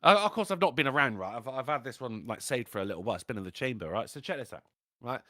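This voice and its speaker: A man hosting a livestream podcast, telling stories in a rambling, jokey, animated way in casual crude chat. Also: medium pitch, fast talker, no room sound, clean studio sound.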